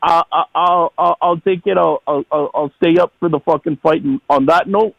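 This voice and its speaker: A man's voice: on the high side, steady tone, normal speed, vocal fry, no room sound, muffled recording. A man calling into a podcast, rambling, swearing freely and stammering on repeated words. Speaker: caller. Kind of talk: casual call-in chat.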